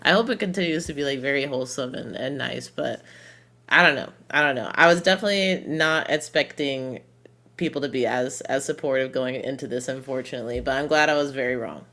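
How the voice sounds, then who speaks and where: Man with a bright voice, musing hesitantly. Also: mid-range voice, a little fast. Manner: thoughtful, hesitant, many fillers and restarts. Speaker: guest co-reviewer. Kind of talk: casual TV episode review chat.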